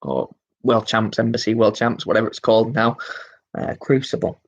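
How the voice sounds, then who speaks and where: A man's voice: lowish voice, steady tone, fairly quick, muffled recording. Man reading out pub quiz questions. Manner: reads each question twice, chatty asides. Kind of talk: hosting an online pub quiz.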